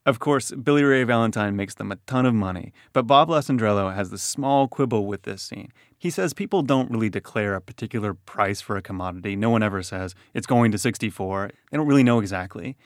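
A man hosting a podcast, talking in a measured, curious way. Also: on the low side, no echo, clean studio sound. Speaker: podcast host. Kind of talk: casual chat.

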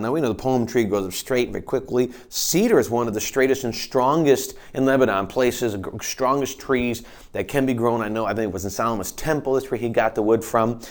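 A man's voice: mid-range voice, a little fast. A man preaching a sermon to his congregation, earnest and emphatic, restarting phrases as he goes. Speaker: pastor.

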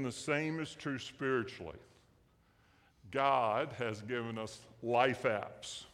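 A man's voice: mid-range voice, fairly bright tone, long reverb tail. A man preaching a sermon as pastor, in a folksy, joking way, asking the congregation questions in a church sanctuary.

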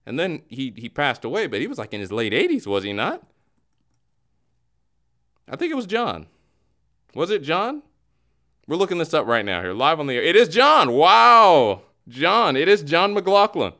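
A man hosting a casual sports talk podcast, ranting in an animated way. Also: fairly high pitch, normal speed, pauses often. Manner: animated, ranting with mock voices. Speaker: podcast host.

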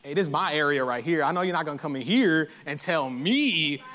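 A man's voice: a little high, lively intonation, a little fast, sharp tone, pitched below the performer's own voice. A man voicing a proud ancient king who blusters and gives orders in anger. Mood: indignant. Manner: blustering, commanding. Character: angry proud ancient king, boastful bully.

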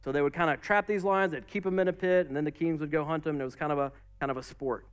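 A man preaching a sermon as pastor, lively and casual, acting out quotes and asides. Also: on the high side, fast, clean tone.

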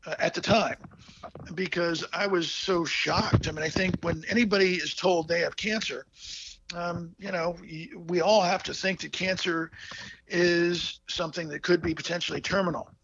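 Gravelly man, halting and heartfelt. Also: high-pitched, steady tone, a bit bright, no room sound, highs cut off. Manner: halting, heartfelt, many fillers and restarts. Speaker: guest telling his story. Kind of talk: personal storytelling interview.

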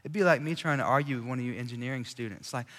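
A man's voice: medium pitch, rapid-fire, fairly bright tone. A man giving a casual sermon to a live audience in a large room, talking conversationally and joking with the crowd. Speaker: preacher. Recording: long reverb of a large hall.

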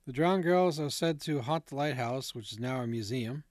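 A man's voice: medium pitch, normal speed, darkish tone, no echo, studio quality. A man co-hosting a casual chat, reading out ghost stories from notes in a laid-back way, with fillers and asides. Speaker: podcast co-host.

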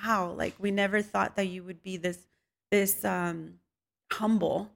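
A woman from a Mexican family talks through her story as an interview guest. She laughs easily and tells animated anecdotes, dropping in Spanish phrases along the way. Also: medium pitch, a little slow, creaky. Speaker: guest, home cook with viral videos. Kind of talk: casual interview chat.

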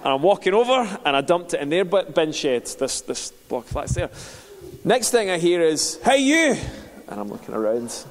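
A man's voice: fairly high pitch, very animated, moderate pace. A man preaching a sermon, telling stories in a conversational, self-deprecating way. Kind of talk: sermon with storytelling. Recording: reverberant hall.

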